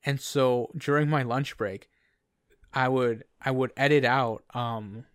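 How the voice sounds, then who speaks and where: A man's voice: mid-range voice, fairly even intonation, takes it slowly, clear, resonant tone, dry recording, studio quality. A young man from Canada, co-hosting a podcast in casual chat, rambling through stories with many restarts. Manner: rambling storyteller, many restarts, laughs often. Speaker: podcast co-host.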